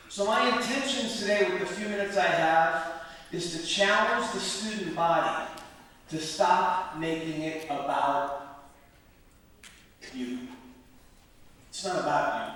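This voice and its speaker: A man in his fifties giving a lively motivational speech at a school assembly, joking with the students. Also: high voice. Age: 50s. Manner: animated, joking with the crowd. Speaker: motivational speaker. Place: large school gym or auditorium. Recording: echoey hall from far off, faint ambience.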